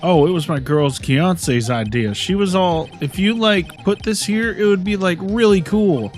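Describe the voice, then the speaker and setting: A man doing a whiny, high-pitched dude. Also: measured pace, soft background music. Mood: goofy. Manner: whiny surfer-dude talk, says yo and dude. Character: goofy young man, laid-back dude.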